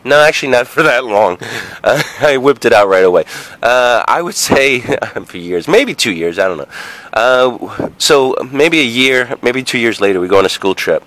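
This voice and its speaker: A vlogger in his forties shares a story from childhood in a casual monologue that's rambling, profane and heavy with fillers and asides. He speaks at normal speed in an animated, medium-pitched voice with a bit of brightness.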